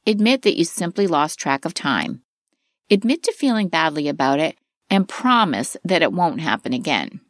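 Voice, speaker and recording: Expressive middle-aged woman narrating advice. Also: on the low side, dry recording, studio quality. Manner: clear, expressive advice-giving delivery. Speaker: parenting course narrator. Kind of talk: scripted instructional narration.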